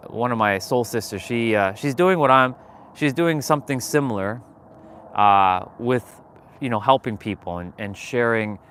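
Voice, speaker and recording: A young adult man talks through his own livestream in a loose, confessional way. He speaks candidly and with feeling, drops swear words, and often restarts his sentences. His voice sits at a middle pitch for a man. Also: a bit bright, a little hiss or hum. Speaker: livestream host. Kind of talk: casual confessional livestream talk.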